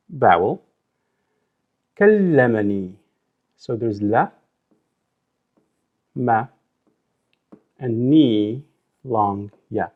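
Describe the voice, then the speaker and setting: A man teaching a language lesson, slowly repeating words and breaking them into drawn-out syllables. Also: medium pitch, narrow, tinny audio. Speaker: Arabic teacher. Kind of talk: slow instructional explanation.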